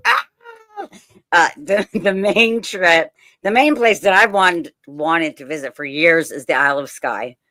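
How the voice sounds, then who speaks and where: A woman's voice: fairly low pitch, measured pace, bright, forceful tone, no echo. A woman with a Southern US accent chatting eagerly as a guest, rambling with frequent ums. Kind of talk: casual video-call chat.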